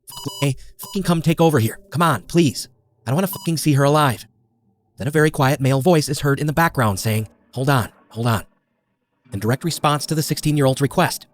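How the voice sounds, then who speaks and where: A man narrates true crime for a podcast in a grave, measured tone. His delivery moves quickly at a middle pitch. Each detail is laid out steadily, as a scripted reading.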